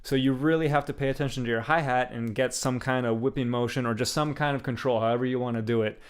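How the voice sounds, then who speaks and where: A young man teaching a drum beat in a casual, relaxed way, explaining hi-hat accents with enthusiasm and frequent fillers. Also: mid-range voice, quick pace, smooth. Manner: relaxed, enthusiastic, uses "like" and "um" often.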